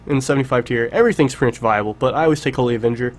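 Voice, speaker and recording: A man narrates a game tutorial in a relaxed, chatty voice-over. His voice is stuffy and nasal, as if he is holding his nose, because he has a cold. He sits at a mid pitch and stresses his points by repeating them. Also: racing. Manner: relaxed, chatty, emphatic repetitions. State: congested, stuffy nasal voice from illness. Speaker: game guide creator.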